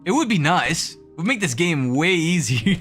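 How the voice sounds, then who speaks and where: A man's voice: high voice, very animated, slow, bright, forceful tone, faint music behind. A young man chatting casually on a gaming livestream, self-mocking and laughing often as he reads chat aloud. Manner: counts jump timing aloud in a rhythmic sing-song. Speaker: streamer.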